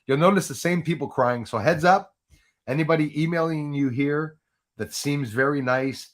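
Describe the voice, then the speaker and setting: A man with a fairly high voice rambles at a normal pace through a casual live stream from his home setup, speaking into a Yeti USB microphone. He keeps restarting his sentences and laughs at his own jokes.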